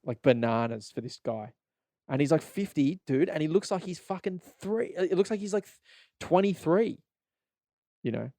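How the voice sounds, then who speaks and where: On his solo podcast, a young Aussie man goes off on a loose, profane rant, animated and rambling with frequent laughter. His voice sits fairly high and moves at normal speed, with clean studio sound and no echo.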